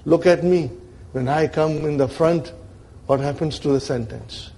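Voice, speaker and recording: A man's voice: a little high, measured pace, gravelly, mellow. A man voicing a personified grammar particle that bosses and taunts a rival word in a classroom story. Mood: scornful. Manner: taunting, dismissive questions.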